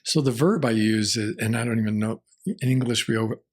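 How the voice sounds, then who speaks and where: A man speaking as a marriage and family therapist in an interview, measured and reflective, sometimes restarting his sentences. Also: on the low side. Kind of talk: conversational interview answers.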